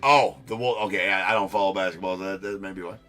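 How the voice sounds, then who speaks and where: A young man hosts a live card break stream, chatting loosely with viewers, joking at his own expense, and swearing now and then. He talks at a quick pace, his pitch jumps up when he gets excited, and soft music plays in the background.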